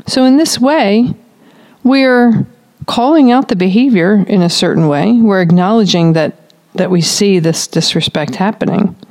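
A woman working as a parenting coach, giving calm, explanatory advice to parents. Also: medium pitch.

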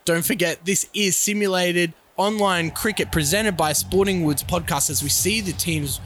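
Calling a simulated cricket game as a mock play-by-play commentator, this man has a high-pitched, slightly bright voice and a moderate pace. He uses an announcer's cadence to read lineups and sponsors, with slight background noise.

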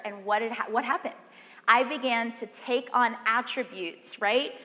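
Woman preacher with a Southern accent, high and bright, chatty, asks the room questions. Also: big-room sound. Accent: Southern American. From Southern United States. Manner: animated, conversational, asks the audience questions. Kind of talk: sermon.

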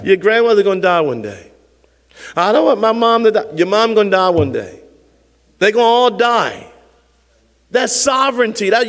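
An older man, a pastor, preaching a sermon with emphatic swells that sink to hushed, close tones, chuckling now and then. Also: high voice. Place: church sanctuary. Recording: long reverb of a church hall.

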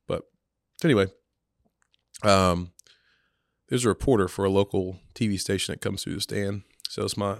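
A man's voice: lowish voice, creaky, a bit bright, no echo, studio quality. A man chatting casually, telling family stories with frequent laughter and acted-out quotes. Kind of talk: casual storytelling chat.

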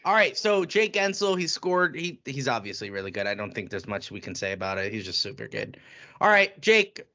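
Male podcast co-host, bright and animated, teasing, lo-fi sound. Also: mid-range voice, brisk. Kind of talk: casual sports chat.

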